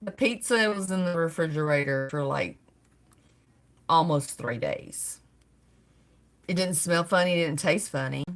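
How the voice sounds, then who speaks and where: A woman's voice: low voice, expressive, measured pace, pauses often. A middle-aged woman hosting a casual livestream, greeting viewers by name and laughing often. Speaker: livestream host.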